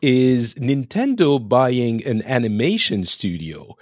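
French-accented male guest co-host, playful and halting, animated delivery, dry recording. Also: mid-range voice, no echo. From France. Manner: hesitant, filler-heavy, playful. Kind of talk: casual podcast chat. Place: home in the countryside.

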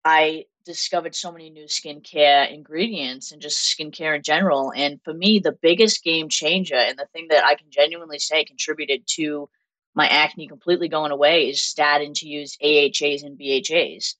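A woman's voice: deep voice, steady tone, moderate pace, a bit bright, no echo, poor audio. A young woman from Southern Massachusetts with a Massachusetts accent, chatting openly as an interview guest and laughing often. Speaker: guest, content creator. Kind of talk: casual interview talk.

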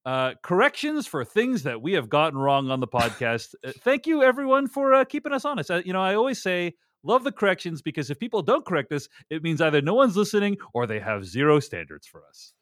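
A man hosting a casual podcast, chatty and animated, leading the talk and reading listener emails aloud. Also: on the high side, a little fast, hardly any pauses. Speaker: podcast host.

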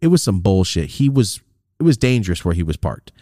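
A man's voice: sits low, very animated, fairly quick, mellow, no room sound, clean studio sound. A man casually telling a rambling, profane road-trip story as a podcast host.

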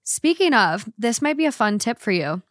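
A woman's voice: a little high, very animated, moderate pace, a bit bright, no echo, studio quality. A young woman hosting a casual podcast, talking frankly and matter-of-factly while giving practical tips. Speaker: podcast host.

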